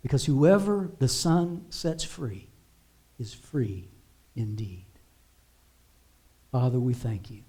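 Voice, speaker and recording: A man's voice: mid-range voice, slow pace, long pauses, mellow, slightly rough. A man preaching as pastor in a church, building emphatic repeated declarations. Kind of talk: sermon. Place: church sanctuary.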